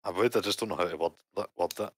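A man playing a tabletop game, speaking in a halting, hesitant way with many "uh"s and restarts. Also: sits low, no room sound. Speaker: player. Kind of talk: casual in-character roleplay over a call.

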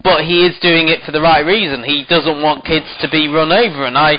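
A man's voice: fairly high pitch, steady tone, fairly quick, highs cut off, a little hiss or hum. A man co-hosting a casual review chat, hedging and restarting often as he explains his view. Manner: hedging, restarts, many "sort of" fillers. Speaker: podcast co-host.

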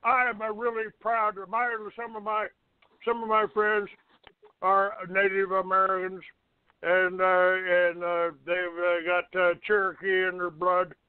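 A man's voice: sits high, monotone, measured pace, clear, resonant tone, no room sound. A man hosting a call-in show, hostile and profane, cursing and insulting callers. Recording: tinny phone-like audio.

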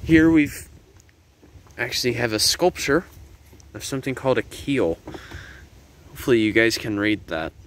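Expressive and pausing often, a man at normal speed leads a walking nature tour beside a river in a windy garden. The vlogger's easygoing explanations are loose with fillers, and the low-quality handheld camera mic is full of wind rumble.

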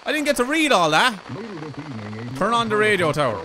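A young Irish man commentating a horror game from a desk mic, his voice high and all over the place as he jumps from chatter to sudden yelps. The tone is bright and sharp, with a faint hum of room ambience underneath. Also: moderate pace, long pauses, poor audio. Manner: excitable, swearing, yelps and screams when startled. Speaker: gaming YouTuber.

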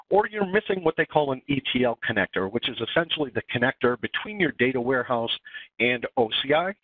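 A man's voice: mid-range voice, no echo. Boston man, webinar presenter, chatty with fillers, tinny conference-call sound. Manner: casual, filler-heavy explaining. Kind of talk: software webinar demo. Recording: dry phone-line audio.

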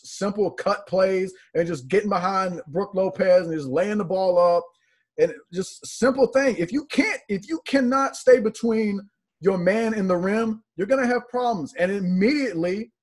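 A man's voice: high voice, a little mellow, slightly rough. A man co-hosting a sports chat, earnestly and with exasperation critiquing a team's play. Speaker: podcast co-host. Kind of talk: casual sports analysis.

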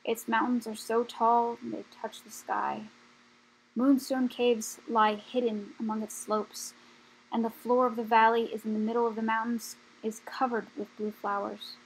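Woman reading old male dragon leader, weary, slow, grave, gravelly, storybook. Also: on the high side, level tone, rough recording. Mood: solemn.

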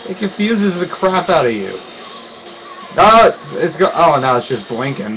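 A young man giving casual let's-play commentary, excitable and quick to yelp and groan when he fails. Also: fairly high pitch, dull audio, faint music behind. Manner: excitable, yelps and groans at failures. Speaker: gaming YouTuber.

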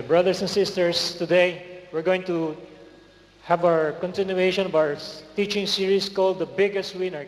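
High-voiced preacher in an echoey hall. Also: male voice. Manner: energetic call-and-response preaching. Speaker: guest preacher. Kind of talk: sermon. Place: large hall. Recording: echoey hall with faint noise.

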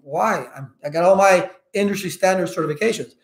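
A loud, emphatic male instructor talks casually to his viewers, with a voice that sits a bit high. He keeps punctuating his points with "okay?". The room gives his voice an echo. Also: a little fast. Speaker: IT certification instructor.

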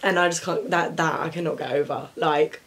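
A woman's voice: sits low, steady tone, brisk. A young woman chatting to camera in her bedroom, telling a story full of fillers. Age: young adult. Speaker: vlogger. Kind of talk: casual chat to camera.

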